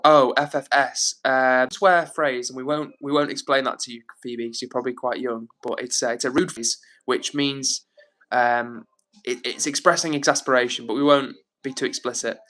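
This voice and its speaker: A man hosting a laid-back live stream from a home setup, reading viewer comments aloud. His voice sits at an ordinary middle pitch, and he talks in an easygoing, gentle and reassuring way. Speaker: livestream host reading chat. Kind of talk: casual live-stream chat.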